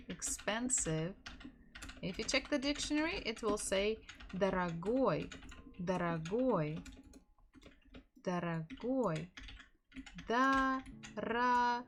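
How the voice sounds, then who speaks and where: A woman with a Russian accent teaching a live-streamed language lesson, repeating each word slowly so learners can follow. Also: sits high, pushed and bright, slight background noise. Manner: slow, drilling words by repetition.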